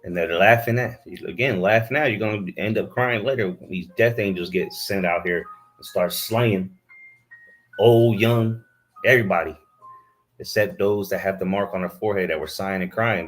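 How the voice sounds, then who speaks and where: A man's voice: sits low, moderate pace, soft background music. A man preaching a fiery sermon, scolding his listeners and reading scripture aloud into a camera he set up himself.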